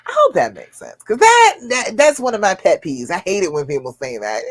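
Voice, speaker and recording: A woman's voice: mid-range voice, huge pitch swings, brisk, hardly any pauses, no echo. A woman relationship coach giving emphatic advice on a live stream, reading out viewers' questions and acting out quotes with laughs.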